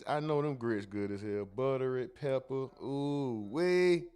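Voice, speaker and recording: A man's voice: medium pitch, unhurried, darkish tone, smooth. Slangy man hosting a livestream. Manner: slangy, reads chat comments aloud. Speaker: livestream host. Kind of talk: casual livestream chat.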